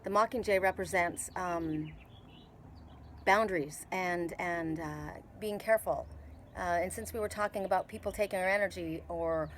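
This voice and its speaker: On an outdoor patio, a middle-aged tarot reader from Canada rambles through a casual spiritual reading in a Canadian accent, full of fillers and restarts. Her voice is on the low side at normal speed, in a rough recording with slight background noise.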